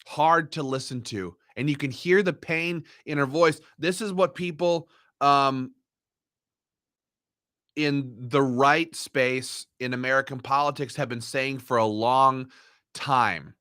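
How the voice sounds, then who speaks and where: A man's voice: medium pitch, takes it slowly, a bit bright, no room sound, studio quality. Man ranting heatedly during a livestream. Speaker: livestream commentator. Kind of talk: live reaction commentary.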